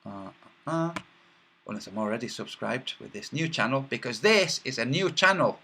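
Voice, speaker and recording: A husky-voiced man chats casually on a livestream. His pitch swings widely and his tone is bright and sharp. He rambles and mocks, filling pauses with stretched sounds. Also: very animated. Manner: rambling and mocking, with many filler sounds. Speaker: livestream host reading chat.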